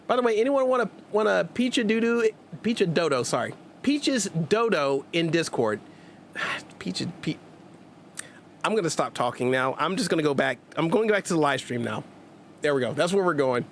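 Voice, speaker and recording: A man hosting a gaming livestream, chatting in an energetic, hyper and jokey way, rambling with many restarts. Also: a little high, moderate pace, a little hiss or hum. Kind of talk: casual livestream chat.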